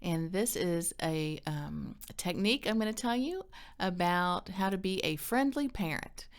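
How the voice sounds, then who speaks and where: Smooth-voiced upbeat woman counselor. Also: lowish voice, expressive, measured pace. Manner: chatty, upbeat, acts out quoted dialogue, laughs easily. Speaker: counseling center director. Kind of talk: friendly advice talk to camera.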